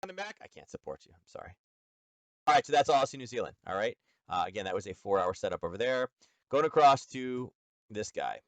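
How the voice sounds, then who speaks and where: With a mid-range voice that swings widely in pitch, this man speaks fairly quickly in a recording with no room sound. As a trading educator on a nightly chart stream, he chats with viewers and fills his talk with "um" and "like."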